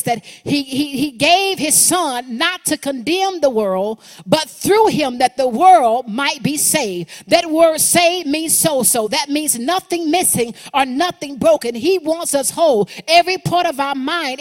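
A woman preaching a sermon, building rhythmic repeated phrases that rise and then drop low for emphasis. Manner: rhythmic repetition, rising and dropping emphasis. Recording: long hall reverb.

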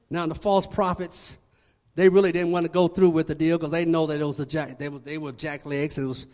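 A man, a church elder, preaching a sermon with fervent, dramatic swings in loudness. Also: very high voice. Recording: long reverb of a large hall.

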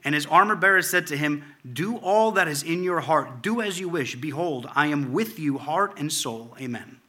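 A man preaching a sermon, with a very bright, ringing voice pitched a little high. He talks in a loose, conversational way, full of fillers and restarts, and he builds to a fervent, raised delivery as he retells the story. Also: animated, moderate pace. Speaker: pastor.

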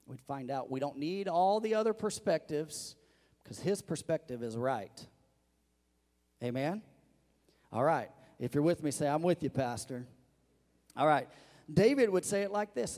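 A man's voice: fairly high pitch, moderate pace, a little mellow, big-room sound. A male pastor preaching a sermon, asking the congregation questions and calling for their responses.

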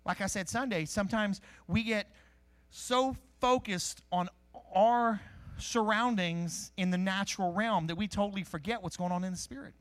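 Man preaching a lively, chatty sermon. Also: high-pitched, moderate pace. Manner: conversational, animated Bible teaching with jokes and asides. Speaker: pastor. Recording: live-streamed sermon.

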